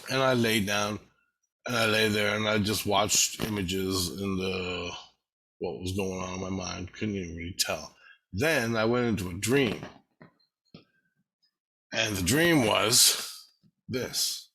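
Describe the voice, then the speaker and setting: A man's voice: lowish voice, slow, long pauses, sharp tone. A man telling a rambling, repetitive personal story, with frequent swearing.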